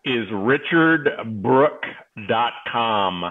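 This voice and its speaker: A man's voice: mid-range voice, lively intonation, extremely slow. Wry joking guest man on a tinny line. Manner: wry, self-mocking, joking. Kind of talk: casual talk show banter. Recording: tinny phone-like remote line.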